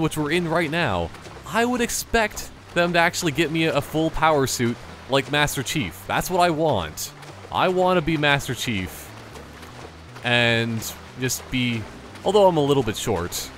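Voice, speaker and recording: A man's voice: a little high, very animated, normal speed, fairly bright tone, slight background noise. A young man giving casual gameplay commentary, rambling through jokey asides.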